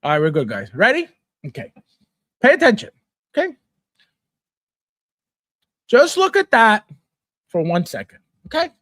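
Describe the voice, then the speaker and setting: A man's voice: high voice, huge pitch swings, unhurried, long pauses, bright, forceful tone, no echo, clean studio sound. A man hosting a collectibles channel, ranting bluntly and scornfully about a figure, profane and sarcastic. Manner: repetitive, sarcastic jabs at viewers.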